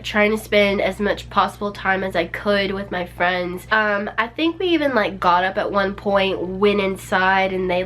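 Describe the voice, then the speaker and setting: A young woman vlogger tells a personal story in a casual, chatty way, sprinkling in lots of "like"s and small laughs. Her mid-range voice is a bit bright.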